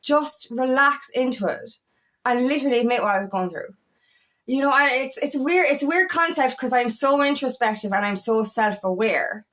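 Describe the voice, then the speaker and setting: A woman's voice: sits high, lively intonation, moderate pace, fairly bright tone. A woman coach talking candidly to camera in a rambling personal vlog, swearing freely and restarting her sentences often. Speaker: empowerment coach.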